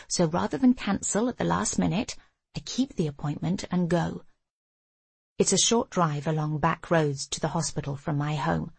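An older woman narrating a memoir audiobook in a measured, intimate first-person voice. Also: fairly low pitch, creaky, a little mellow, breathy edge, dry recording.

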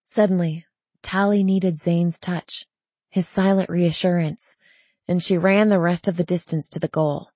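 A woman reading a novel aloud as an audiobook narrator, with steady, even storytelling. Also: lowish voice, measured pace, dry recording. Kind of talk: scripted narration.

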